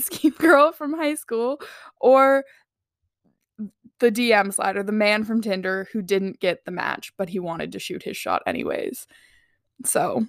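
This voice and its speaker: A woman's voice: fairly high pitch, dry recording, studio quality. A young woman hosting a podcast alone, chatting casually and sarcastically, with lots of "like" and giggles. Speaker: podcast host. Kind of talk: casual solo podcast chat.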